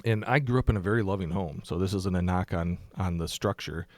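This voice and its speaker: A middle-aged man, a pastor, explaining his ideas in a relaxed podcast conversation, thinking aloud with ums and restarts. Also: low voice, a little fast, dry recording. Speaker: pastor and guest.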